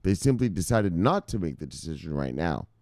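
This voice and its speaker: A man hosting a crypto news show, ranting with heavy swearing, jumping between loud outbursts and low mutters. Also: big pitch swings, brisk, dry recording, clean studio sound. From United States. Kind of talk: profane animated ranting commentary.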